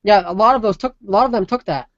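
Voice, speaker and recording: A woman's voice: medium pitch, quick pace, no echo, muffled recording. A woman hosting a casual call-in talk show, talking emphatically and rambling with many restarts. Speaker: podcast host. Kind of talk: casual opinion chat.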